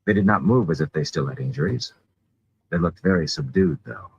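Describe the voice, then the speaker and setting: A man reading a fantasy novel aloud in an expressive way. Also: sits low, a little fast, breathy edge, dull audio. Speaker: audiobook reader.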